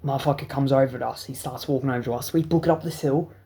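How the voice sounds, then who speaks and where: A man's voice: medium pitch, very fast, dark tone. A young adult man, telling a rambling, profane story as a vlog host. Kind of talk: casual storytelling.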